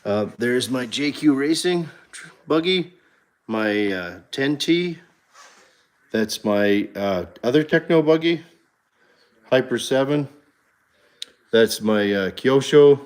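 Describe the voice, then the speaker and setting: A man hosting a casual livestream, touring his home garage in a halting way, with many fillers and self-corrections. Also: mid-range voice. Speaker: livestream host.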